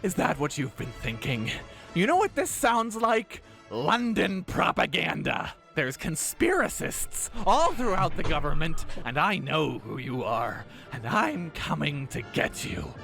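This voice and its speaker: A man's voice: on the high side, sing-song, unhurried, creaky, sharp tone, faint music behind, full character voice. A man voicing a paranoid male revolutionary leader who rants accusations and threats in a comic history retelling. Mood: menacing. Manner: menacing, accusing.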